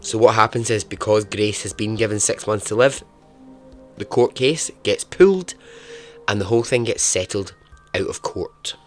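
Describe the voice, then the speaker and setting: A man, hosting a podcast and telling a true story in a casual, chatty way, breaking into animated asides and frequent laughs. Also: fairly low pitch, normal speed, soft background music. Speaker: podcast host.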